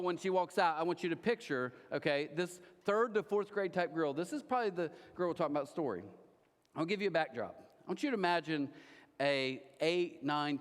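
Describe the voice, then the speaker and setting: A middle-aged man preaching a sermon in a casual, storytelling way, with chatty asides to his congregation. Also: a little high. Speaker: pastor. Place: large church auditorium. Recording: long reverb of a large hall.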